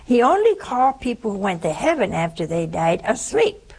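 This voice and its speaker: Older woman giving a gravelly spiritual talk. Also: medium pitch, moderate pace, poor audio. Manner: storytelling, animated in quoted speech. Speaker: religious teacher.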